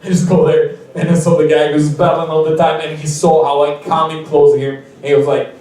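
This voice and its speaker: Young stand-up, rambling and giggly, fairly high voice, very echoey room. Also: male voice, level tone, fairly quick, mellow. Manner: rambling, laughing often, frequent restarts. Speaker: stand-up comedian. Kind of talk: stand-up comedy storytelling. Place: open mic club. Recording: echoey room, mic far off.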